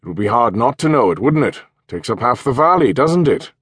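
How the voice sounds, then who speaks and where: A man's voice: mid-range voice, big pitch swings, brisk, fairly bright tone, breathy edge, no room sound, pitched above the performer's own voice. A man voicing a good-natured young village constable with a teasing manner. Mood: friendly.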